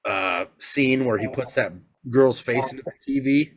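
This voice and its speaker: Here a podcast co-host, a father, uses a mid-range voice at an ordinary speed. In easygoing conversation he delivers animated, profane anecdotes, dramatizing the quotes.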